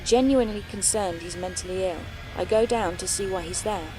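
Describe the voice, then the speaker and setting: A woman narrating true scary stories in a calm, measured storytelling voice. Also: medium pitch. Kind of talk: reading scary stories aloud. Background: faint background music.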